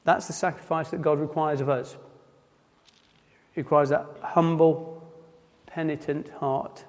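A man's voice: fairly high pitch, little pitch movement. Nottinghamshire man preaching in a reverberant hall. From Nottinghamshire, England. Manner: halting, repeats words and restarts often. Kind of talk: informal sermon.

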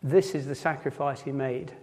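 A man with a Nottinghamshire accent giving an informal sermon in church, halting and often repeating words as he restarts. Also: medium pitch, steady tone, a little mellow. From Nottinghamshire, England. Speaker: preacher. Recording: long hall reverb.

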